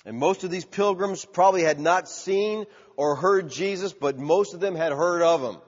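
High-voiced man preaching in a reverberant hall. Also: moderate pace. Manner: preaching, rising to loud shouted cries; asks the congregation questions. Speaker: pastor. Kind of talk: sermon. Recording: dull sound with long hall reverb.

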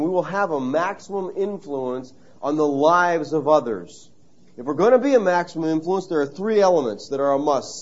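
A man's voice: a little high, darkish tone, muffled recording. A man preaching a sermon in a conversational, story-telling way, stressing key phrases by repeating them. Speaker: pastor.

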